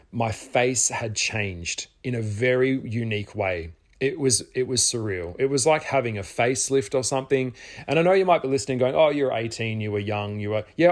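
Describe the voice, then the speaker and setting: A middle-aged man, telling a personal story in a casual vlog, animated, with some swearing. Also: on the low side. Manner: animated, swears, acts out his own past shouts. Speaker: spiritual vlogger.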